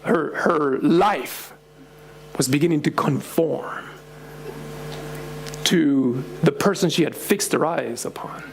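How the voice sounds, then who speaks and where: A middle-aged male pastor tells a story in a sermon to young adults, animated and laughing as he acts out voices. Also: fairly high pitch, takes it slowly, creaky, long pauses.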